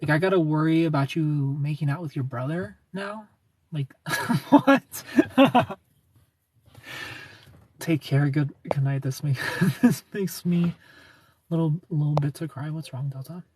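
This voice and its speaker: Husky-voiced livestreamer chatting with viewers. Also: mid-range voice, normal speed, a little mellow. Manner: chatty and sarcastic, laughs often, answers viewers by name. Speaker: livestreamer reading chat. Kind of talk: casual livestream chat.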